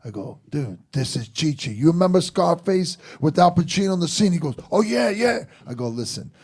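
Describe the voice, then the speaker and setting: A man telling a lively story in casual chat, acting out the quotes as he goes. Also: on the high side, a little fast, husky. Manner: animated storyteller, acts out quotes.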